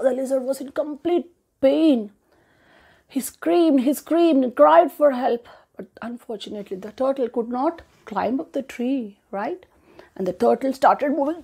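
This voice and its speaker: Brief: woman storyteller reading a fable to children, warm dark tone, breathy. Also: fairly high pitch, a little slow. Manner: expressive with sound effects.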